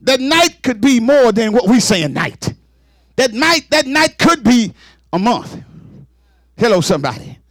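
A man a sermon in a whooping, sing-song style, with sudden exclamations and rapid repeated words. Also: very high-pitched, sing-song, a bit bright, dry recording, studio quality. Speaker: preacher.

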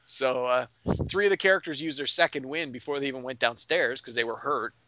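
A man's voice: medium pitch, fairly quick, noisy background. A man who runs a tabletop game, casually retelling a session and acting out the players as he goes. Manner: animated, acts out players and characters. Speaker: game master. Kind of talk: casual storytelling recap.

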